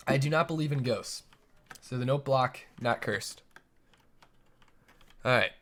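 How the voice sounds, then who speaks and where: A young man with a somewhat high, fairly bright voice streams a building game live, speaking slowly with frequent pauses. He rambles playfully to himself as he plays, adding little boop noises.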